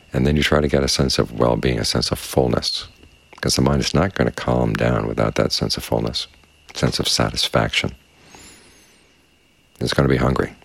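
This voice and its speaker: A man giving a dharma talk as meditation teacher, speaking in a calm, measured, unhurried way. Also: a bass voice, vocal fry, slightly rough. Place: quiet meditation space with crickets outside.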